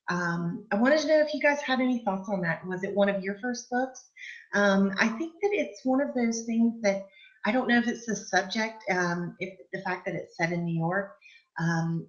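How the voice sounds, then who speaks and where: A woman hosting a live online book club chat, talking in a gushing, chatty way with lots of fillers, clearing her throat from allergies. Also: mid-range voice, a bit bright, dull audio. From Texas.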